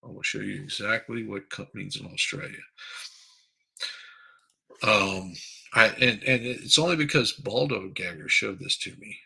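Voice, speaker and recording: A man's voice: on the low side, unhurried, gravelly, long pauses, bright, forceful tone, slightly rough, low-quality recording. A man hosting a live stream, chatting casually and crudely, rambling while he reads viewer comments aloud. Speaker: livestream host.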